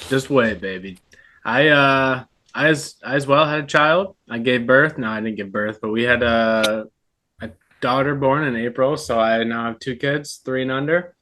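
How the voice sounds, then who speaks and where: A man's voice: mid-range voice, normal speed, sharp tone, slight background noise. Teasing man on a podcast call. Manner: teasing, jokey. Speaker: podcast co-host. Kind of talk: casual podcast chat. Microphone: remote call.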